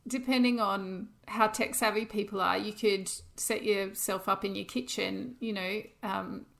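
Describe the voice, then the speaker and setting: Gravelly-voiced woman, chatty podcast host. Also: medium pitch, steady tone, measured pace, fairly bright tone. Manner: chatty, practical, laughs often. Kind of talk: casual chat.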